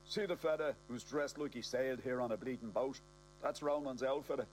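A man's voice: mid-range voice, brisk, a little hiss or hum, natural voice. A man voicing a cheeky criminal who mocks with a put-on posh tone. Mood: mocking. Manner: mocking.

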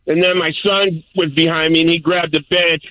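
An older man calling into a talk show, telling a rambling story in a gruff, joking way. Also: fairly high pitch, level tone, moderate pace, pushed and bright, rough recording. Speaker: caller. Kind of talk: casual phone-in chat.

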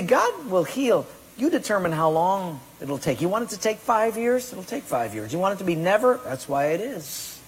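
Preaching man, husky, in a reverberant hall. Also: sits high. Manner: emphatic preaching, rhetorical questions, acts out excuses in quoted voices. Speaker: pastor. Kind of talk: sermon.

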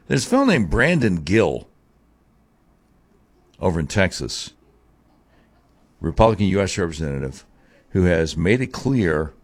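Male talk host, very low voice, dry close sound, opinionated and drawling. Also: darkish tone, slightly rough, dry recording. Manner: opinionated, drawling, mocking asides. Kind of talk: political talk commentary.

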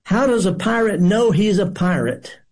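A man's voice: high voice, animated, moderate pace, a little mellow. A man hosting a gardening radio show in a studio, talking in a folksy, rambling way and telling corny jokes. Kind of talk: casual radio talk.

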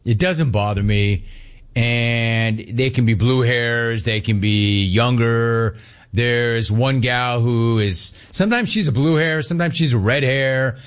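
A middle-aged man hosting a call-in radio talk show, ranting with energy and mimicking people in a high voice. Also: takes it slowly, smooth.

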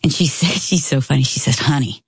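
A woman telling a story in casual conversation, acting out the voices she quotes in an animated way. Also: low voice, quick pace, husky, dry recording, studio quality, faint music behind. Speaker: storyteller guest.

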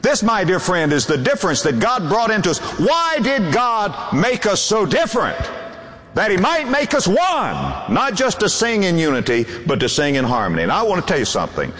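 A man's voice: high voice, huge pitch swings, moderate pace, a bit bright, long reverb tail. An older man preaching a sermon, emphatic and repeating key words for stress.

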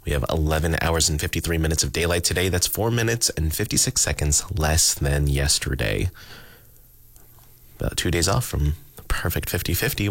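A man hosting a local radio show, reading the weather and tides in a relaxed, chatty way. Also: low-pitched, dry recording. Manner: relaxed, chatty, reads figures with asides. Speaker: radio host. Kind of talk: casual radio announcing.

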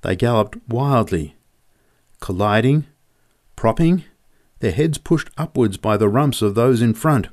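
A man reading a humorous memoir story aloud in a vivid, measured way. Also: medium pitch, lively intonation, darkish tone.

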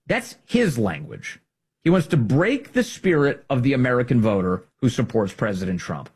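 A middle-aged man delivering an emphatic, combative political commentary monologue, swinging between loud emphasis and hushed asides. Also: mid-range voice, very animated, moderate pace, breathy edge.

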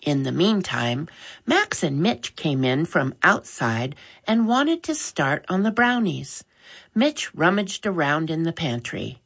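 A woman reading a children's story aloud, slowly and carefully. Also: deep voice. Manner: slow, careful, expressive reading. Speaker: narrator.

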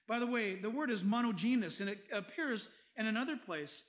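A male pastor with a strikingly high-pitched voice for a man. He preaches emphatically, reading scripture aloud and pressing his listeners with animated rhetorical questions. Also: moderate pace, poor audio. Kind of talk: sermon.

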